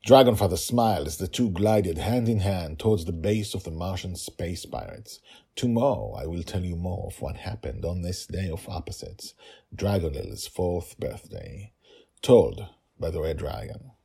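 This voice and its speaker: A man, the author, reading his own story podcast with hurried, chatty asides. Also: deep voice, lively intonation, gravelly, dark tone, breathy edge. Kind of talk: storybook narration with casual asides.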